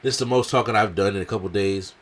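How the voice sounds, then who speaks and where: A man's voice: lowish voice, fast. A man reviewing a wrestling show in casual slangy talk, with a strained throat, acting out what the wrestlers said.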